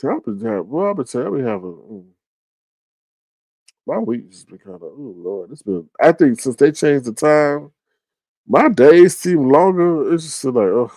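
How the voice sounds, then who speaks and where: A man's voice: on the high side, big pitch swings, unhurried, creaky, mellow, no room sound. A man hosting a livestream in a casual chat, sleepy and yawning, rambling and trailing off as he restarts his thoughts. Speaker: livestream host. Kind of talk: casual live-chat commentary.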